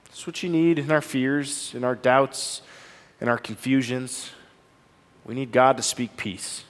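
A man's voice: medium pitch, measured pace. A man preaching a sermon as pastor, earnest and conversational, often asking his listeners rhetorical questions. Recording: long reverb of a large hall.

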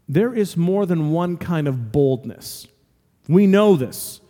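A man's voice: on the high side, lively intonation, takes it slowly, mellow. A male pastor preaching a sermon, telling stories earnestly and driving points home with repetition. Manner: earnest storytelling with emphatic repetition. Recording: long reverb of a large hall.

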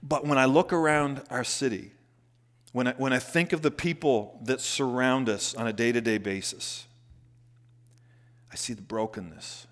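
Man, pastor, sermon, mid-range voice, hushed then emphatic, repeats phrases, long hall reverb. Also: medium pitch, normal speed. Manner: swings from soft hushed lines to loud emphatic rises, repeats phrases. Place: church hall.

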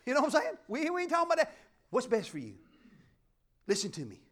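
A fervent middle-aged preacher, his voice pitched unusually high. He swings from ringing, emphatic declarations to quiet, intimate asides as he preaches. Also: huge pitch swings, fast. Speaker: pastor. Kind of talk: sermon.

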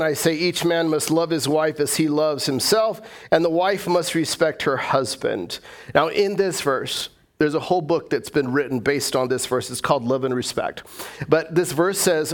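Joking conversational pastor, higher voice. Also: male voice. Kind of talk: sermon. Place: church.

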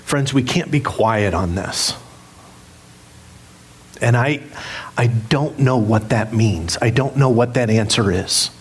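A man's voice: mid-range voice, takes it slowly, pauses often, husky. A middle-aged man preaching a sermon as pastor, candid and self-deprecating as he tells a story with humor. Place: church sanctuary.

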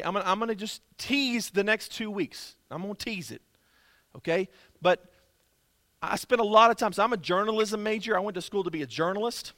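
A man's voice: high voice, sharp tone, no room sound, studio quality. A man preaching a sermon as pastor, emphatic and conversational, repeating key phrases for stress.

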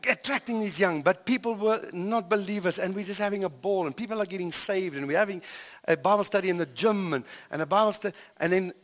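A middle-aged man with a South African accent, preaching a sermon as a pastor in animated storytelling, swinging between loud and hushed. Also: high voice, brisk, long reverb tail.

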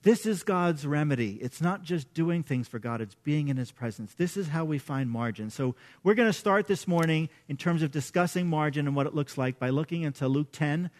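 A man's voice: fairly high pitch, expressive, fairly quick, hardly any pauses, a little mellow. A middle-aged man, a pastor, preaching a conversational sermon with casual storytelling and self-deprecating humor.

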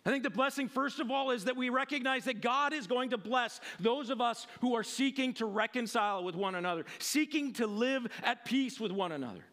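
A man's voice: extremely high pitch, a little fast, few pauses, fairly bright tone. A male pastor preaching a sermon and reading scripture in a casual, conversational way, with frequent fillers.

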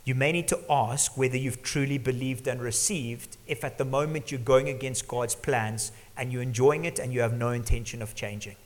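Male pastor, middle-aged, mid-pitched voice, earnest sermon, sinks to a hush for emphasis, long echo of a church hall. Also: fairly even intonation, moderate pace, hardly any pauses.

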